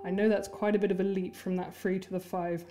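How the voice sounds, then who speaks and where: A woman's voice: medium pitch, level tone, brisk. Encouraging woman teaching over plucked strings. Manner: friendly, encouraging, counts and chants rhythm words while playing. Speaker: music teacher. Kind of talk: instrument lesson. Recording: music playing under the voice.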